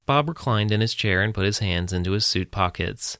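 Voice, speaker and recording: A man reading a story aloud as narrator, in a steady, even manner. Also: on the low side, fairly quick, few pauses, no room sound, clean studio sound.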